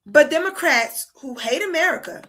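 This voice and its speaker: A high-voiced woman runs a casual political livestream, heated and profane. Her tone is bright and sharp, and she rants straight at her viewers. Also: expressive, moderate pace. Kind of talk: casual live-stream commentary. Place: abroad while traveling.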